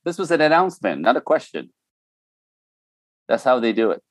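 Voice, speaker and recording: A man's voice: medium pitch, sing-song, normal speed, no echo. A middle-aged man talking casually and telling stories, laughing often and mimicking other voices. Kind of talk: casual podcast chat.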